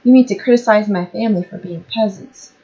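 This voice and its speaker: A woman's voice: medium pitch, brisk, warm tone, highs cut off, close to an everyday voice. A woman reading aloud and voicing a young peasant girl who speaks bluntly.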